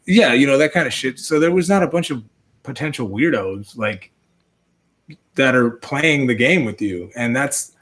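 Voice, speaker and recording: A man's voice: medium pitch, moderate pace, a bit bright. A man, a father, talking casually in a loose, rambling way full of fillers. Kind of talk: casual chat.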